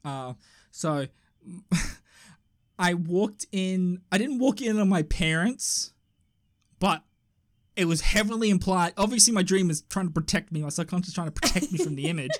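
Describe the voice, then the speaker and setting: A man's voice: high voice, normal speed. A man, a podcast co-host, telling a long story in casual chat and swearing freely. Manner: profane, animated storyteller.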